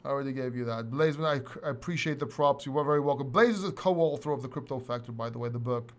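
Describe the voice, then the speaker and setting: A man's voice: medium pitch, lively intonation, fairly quick. A middle-aged man hosting a casual livestream chat, rambling, swearing and laughing often. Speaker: host.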